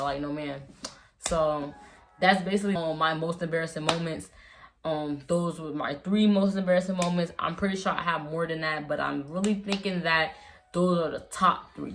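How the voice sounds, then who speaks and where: A woman's voice: low voice, a bit bright, a little hiss or hum. A young woman vlogger telling a casual storytime, rambling with slang and lots of fillers and restarts.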